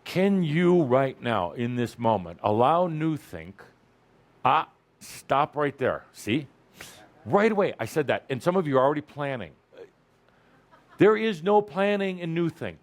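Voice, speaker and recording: A man giving a spiritual talk to a live audience, teasing and emphatic, jumping between loud high bursts and low asides. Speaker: spiritual teacher addressing an audience.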